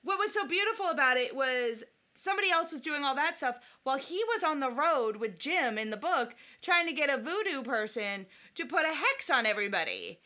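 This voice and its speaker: This is a woman co-hosting a casual podcast, her voice sitting a bit high and sounding bright. She talks in an animated, playful way, riffing and jumping into quick voices for the people she quotes. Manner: animated, jokey, acts out quotes. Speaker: podcast co-host. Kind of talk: casual chat.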